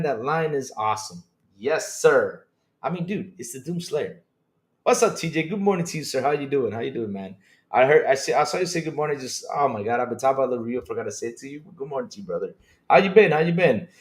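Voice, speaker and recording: A man hosting a live gaming stream, talking excitedly with his viewers and reading their chat, repeating himself and laughing often. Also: mid-range voice.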